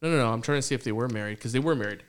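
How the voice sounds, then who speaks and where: A man's voice: medium pitch, racing, clean tone. A man who works as a bug expert, chatting casually and telling stories with animation. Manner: animated storyteller, mumbles asides. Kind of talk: casual chat.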